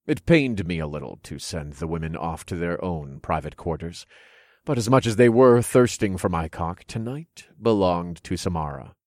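A man narrating a first-person fantasy novel in a steady, measured reading on a close mic. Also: low-pitched, no room sound. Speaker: audiobook narrator.

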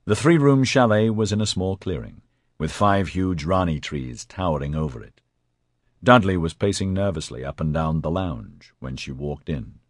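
A man reading fiction as an audiobook narrator, with an expressive, dramatic storytelling manner. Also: sits low, moderate pace, no echo, clean studio sound. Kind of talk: scripted narration.

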